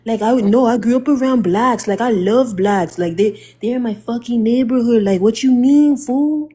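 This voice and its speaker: A woman's voice: high voice, moderate pace, warm tone, slightly rough. A woman voicing a brash young man from the neighborhood who swears and talks tough in a comedic skit. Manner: swearing, slangy, tough-talking.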